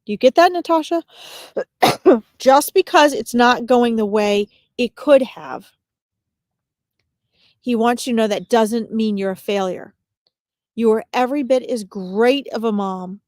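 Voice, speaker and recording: A woman giving a live-streamed psychic reading as a medium, talking in a gentle, reassuring way with frequent pauses and fillers. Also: fairly high pitch, no echo, clean studio sound. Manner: gentle, reassuring address to viewers.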